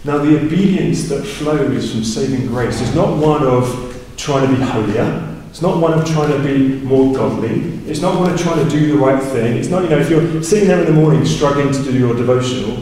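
A man with a mellow, warm voice preaches a sermon, explaining scripture conversationally and checking in with "right?". He is picked up from a distance in a big church hall with a long, roomy echo, and faint ambience sits behind him. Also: normal speed, few pauses, slight background noise. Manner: rises in pitch and volume for emphasis. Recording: far from the mic in a big echoey hall.

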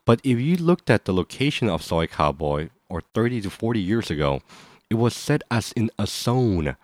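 A man co-hosting a podcast, speaking in a measured, thoughtful way that sometimes stumbles over repeated words. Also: fairly low pitch, big pitch swings, no room sound, clean studio sound. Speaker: podcast co-host. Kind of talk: casual podcast chat.

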